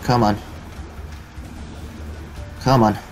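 A young man with a lowish voice narrates his own gameplay for a let's play video at an extremely slow pace, over soft background music. He swears constantly, makes fun of his own skill, and lets out excitable yelps whenever he gets hit.

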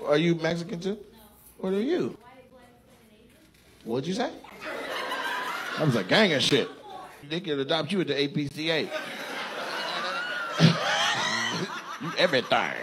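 A male stand-up comedian doing crowd work, loud and teasing, with sudden shouted outbursts. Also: a little high, sing-song, measured pace, pauses often, heavy background noise. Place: comedy club stage. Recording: live club recording with crowd laughter. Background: audience laughing.

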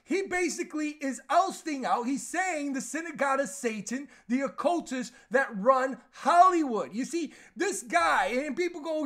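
A man delivering a ranting commentary monologue as an online news commentator, heated and emphatic, at times shouting. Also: extremely high pitch, lively intonation, moderate pace, hardly any pauses.

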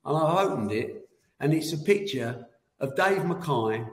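An older man in his seventies tells animated stories, his voice sitting a bit high and leaping up and down. Laughter keeps slipping into his telling. The room around him sounds roomy and echoey. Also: unhurried, slight background noise. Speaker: guest. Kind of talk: anecdotal storytelling.

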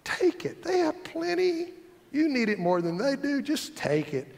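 A man voicing a sly, cruel devil who whispers temptations, hushed, sneering and coaxing. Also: a little high, lively intonation, moderate pace. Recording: echoey church hall.

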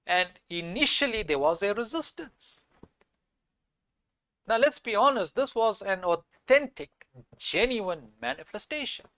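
High-voiced emphatic male preacher. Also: sing-song, measured pace, sharp tone, no echo. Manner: emphatic, repeats key phrases, reads scripture aloud. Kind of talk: sermon.

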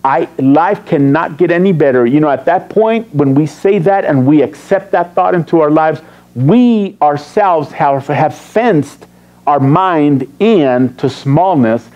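A man's voice: a little high, animated, slow pace, darkish tone, highs cut off. A man preaching a sermon as pastor, teasing and quizzing his congregation. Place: church sanctuary.

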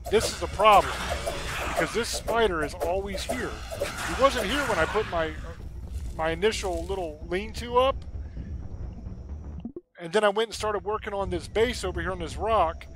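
A man giving casual, chatty gameplay commentary, thinking out loud and getting exasperated, with game music behind him. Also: high voice, poor audio. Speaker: gaming YouTuber.

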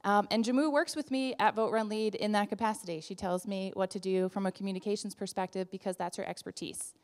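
A woman's voice: medium pitch, fairly even intonation, quick pace. A woman in her thirties with a New Jersey accent giving an upbeat, chatty live introduction full of ums, in a large hall. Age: 30s. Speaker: event introducer. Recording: echoey hall with long reverb.

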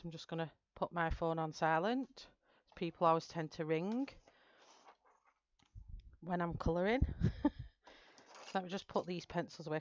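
A woman's voice: fairly low pitch, highs cut off. A woman hosting a live stream, chatting casually, greeting viewers by name and explaining her plan step by step. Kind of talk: casual live-stream chat while colouring.

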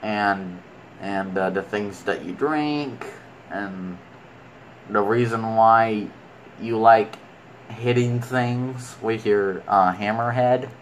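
Slow, low-voiced man narrating gameplay. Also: a little hiss or hum, poor audio. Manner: rambling, talks fondly to in-game creatures. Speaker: video game player. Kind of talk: casual gameplay commentary.

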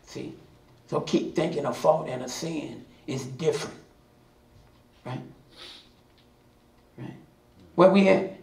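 A man's voice: fairly high pitch, slow, vocal fry, long pauses, darkish tone. A man teaching a Bible study class in a passionate, hollering preaching style, hammering points home with repetition. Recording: echoey room, mic at a distance.

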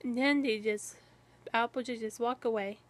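A young woman telling an improvised fan-fiction story, rambling and halting with many restarts. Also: a little high, fairly even intonation.

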